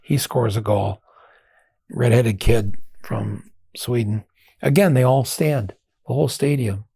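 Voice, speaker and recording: An older man from the United States, a podcast host, telling a story in a casual, animated way and mimicking chants and other voices. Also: medium pitch, slow pace, creaky, husky, no room sound, clean studio sound.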